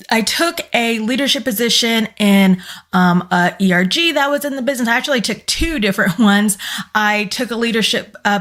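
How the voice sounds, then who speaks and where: A woman speaks straight to her viewers in a relaxed, motivational tone, urging them to grow their business skills. Her voice is hoarse and strained, as if she is losing it. She speaks earnestly, with the odd filler and restart. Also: mid-range voice. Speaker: business coach and former corporate employee. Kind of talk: casual motivational talk to camera.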